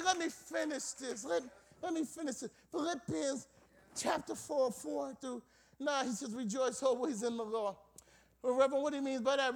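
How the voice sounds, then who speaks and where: High-voiced man preaching with shouted repetition. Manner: preaching in call-and-response cadence, repeating phrases and building to shouts. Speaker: pastor. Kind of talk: sermon.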